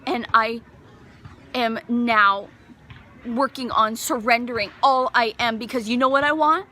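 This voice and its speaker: A woman with a fairly high, bright voice tells her personal faith testimony. She speaks earnest and emotional, rising to fervent conviction. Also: measured pace, a little hiss or hum. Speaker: bereaved mother giving testimony.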